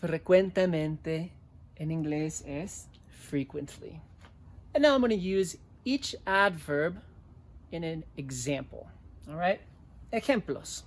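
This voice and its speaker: Slow, careful male language teacher. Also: a little high, expressive. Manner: repeats each word slowly for typing. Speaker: Spanish teacher. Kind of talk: slow dictation-style language lesson.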